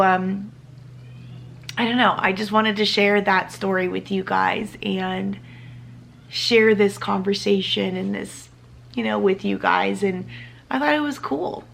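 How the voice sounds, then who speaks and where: A woman in her thirties vlogging to her viewers, an adoptive mother telling a personal story. She talks in a chatty, heartfelt way, full of fillers, and her voice has a gravelly, fry-tinged edge at a mid pitch. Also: a bit bright, slight background noise. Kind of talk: casual storytelling to camera.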